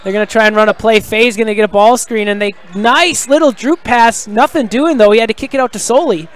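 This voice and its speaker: A man doing live play-by-play of a high school basketball game from the gym, excitable and shouting on big plays, with casual chatty asides. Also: a little fast.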